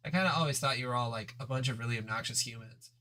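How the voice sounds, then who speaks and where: A man's voice: mid-range voice, racing, pushed and bright, natural voice. A man voicing a grumpy, easily annoyed young human girl in an irritable, whiny way, as he reads a webcomic aloud with voices.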